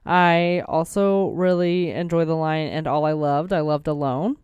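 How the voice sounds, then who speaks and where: A woman's voice: sits low, steady tone, a little slow, a little mellow, clean tone, dry recording, highs cut off. A young woman co-hosting a podcast in casual chat, rambling and playful with lots of fillers. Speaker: podcast co-host. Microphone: desk microphone.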